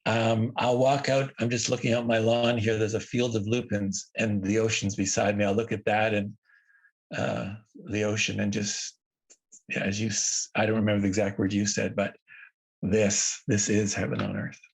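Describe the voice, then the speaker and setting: A man with a husky, slightly breathy voice speaks as an interview guest. He talks earnestly and reflectively, often repeating words for emphasis, in casual conversation. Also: on the low side, flat delivery, moderate pace. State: emotional. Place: at home, by a lawn near the ocean.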